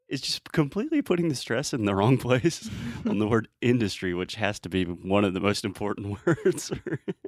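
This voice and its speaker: Low-voiced man teaching pronunciation. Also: no room sound, studio quality. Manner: explains patiently, models sounds slowly, laughs often. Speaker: English pronunciation teacher, host. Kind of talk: casual pronunciation lesson.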